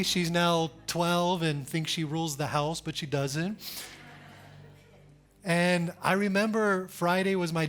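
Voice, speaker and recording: A pastor in his thirties preaching a sermon in church, speaking with slow emphasis, repeating phrases and building to urgent calls. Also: fairly high pitch, fairly bright tone.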